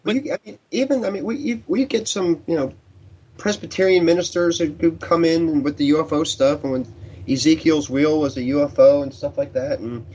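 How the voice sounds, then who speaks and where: A man's voice: fairly high pitch, a little fast, a little mellow, breathy edge, lo-fi sound. A man being interviewed on a radio show who tells long, rambling stories about his field research. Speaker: paranormal researcher guest.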